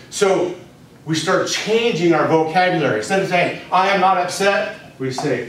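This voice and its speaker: A man giving a spiritual teaching to a small group, speaking deliberately and repeating key phrases for emphasis. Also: a little high, a bit bright. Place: room with a live audience. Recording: very echoey room, distant mic, faint noise.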